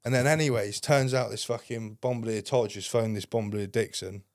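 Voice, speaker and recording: A young man spins a long, rambling anecdote as a podcast guest, cursing at nearly every turn. His voice sits fairly low. The sound is close and dry, with no room around it. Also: fairly even intonation, fairly quick, no echo. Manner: heavy swearing, rambling anecdotes. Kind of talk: casual storytelling.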